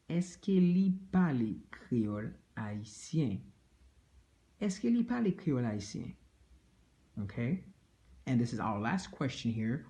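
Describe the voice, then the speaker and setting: A man teaching a language lesson at an unhurried pace. His voice is mellow and relaxed, and he says each example twice and keeps checking in with "okay?". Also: medium pitch. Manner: slow, repeats each phrase, asks "okay?" often.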